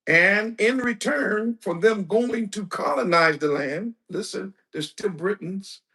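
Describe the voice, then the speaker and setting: High-voiced, slow, emphatic male preacher. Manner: emphatic, with rhetorical questions and bursts of shouting. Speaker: preacher and teacher. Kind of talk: lecture-style sermon.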